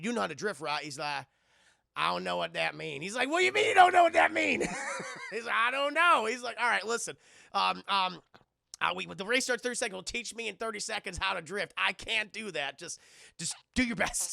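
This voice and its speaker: A young man recapping a film for his live chat, swearing freely and slipping into quick voices for each character. His voice sits high and swings widely, with a heavy gravelly rasp. It sounds close and dry, with no room around it. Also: no room sound. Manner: profane, animated, acts out characters in quick quotes. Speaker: movie reviewer streaming live. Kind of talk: casual scene-by-scene recap with chat.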